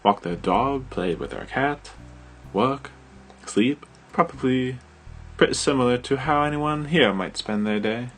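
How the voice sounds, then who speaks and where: Man putting on a small british girl, teasing and chatty, raised pitch, british accent, story reading. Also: measured pace, faint music behind, natural voice. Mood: playful. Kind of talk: audiobook-style story reading.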